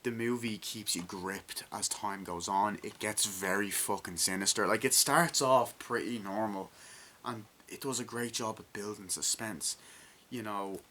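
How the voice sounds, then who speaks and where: A man giving a casual, rambling movie review, full of excitement, swearing and fillers. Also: on the low side, a little slow. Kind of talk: casual spoken film review.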